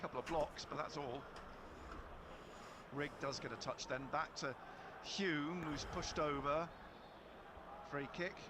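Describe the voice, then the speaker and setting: A man giving steady live play-by-play commentary on a football match for a fan stream. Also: fairly high pitch, slow, pauses often, noisy background. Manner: steady play-by-play, names each pass.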